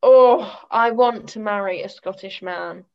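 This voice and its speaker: A woman's voice: mid-range voice, unhurried. A young woman from Britain chatting on a podcast, gushing about crushes and laughing easily. Her speech is loose and full of swearing. The recording sounds a little dull and lo-fi. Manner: giggly, gushing, swears freely. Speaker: podcast co-host. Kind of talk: casual chat.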